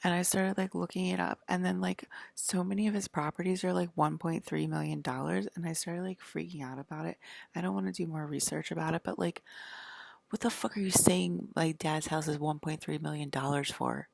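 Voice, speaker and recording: A woman's voice: fairly low pitch, steady tone, brisk, creaky, no room sound. A woman vlogger talking in a rambling, profane casual monologue, leaning on "like" and sometimes dropping to a half-whisper. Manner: rambling and profane, heavy use of "like"; drifts into half-whispered stretches.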